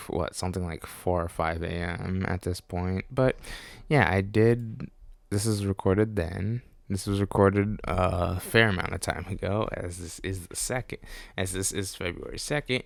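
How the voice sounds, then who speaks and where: A man's voice: low voice, creaky, no echo. A man giving a rambling, self-correcting voice-over commentary on his gameplay, speaking offhand as a gaming channel host. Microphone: desktop mic.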